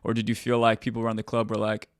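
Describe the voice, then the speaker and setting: A man's voice: lowish voice, completely flat delivery, racing, no room sound, clean studio sound. A man hosting an interview, asking long, rambling questions full of fillers. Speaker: podcast host.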